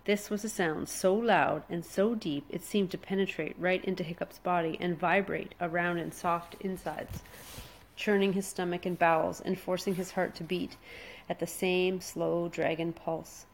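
A woman narrating a children's adventure storybook in a steady, expressive reading voice. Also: on the low side, normal speed, slight background noise, low-quality recording.

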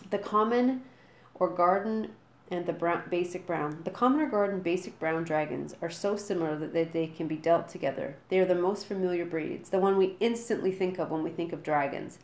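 A woman reading a storybook aloud in a lively, expressive way. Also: fairly low pitch, a little fast. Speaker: narrator. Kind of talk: storybook narration. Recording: roomy echo.

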